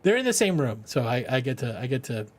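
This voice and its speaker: A man's voice: mid-range voice, very animated, quick pace. A middle-aged man streaming a game for charity, chatting casually, joking, swearing and often laughing. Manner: rambling, jokey, swears freely, laughs often. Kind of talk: casual live-stream chat.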